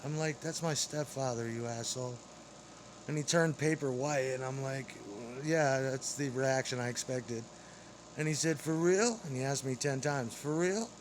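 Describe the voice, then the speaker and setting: A man's voice: medium pitch, steady tone, moderate pace, slight background noise. A man delivering an angry, rambling, profane monologue straight to camera.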